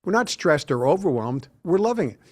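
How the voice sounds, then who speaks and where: A middle-aged man as an interview guest, telling lively anecdotes and acting out the people he quotes. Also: on the high side, a little fast. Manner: animated storyteller who acts out quotes. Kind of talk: casual interview talk.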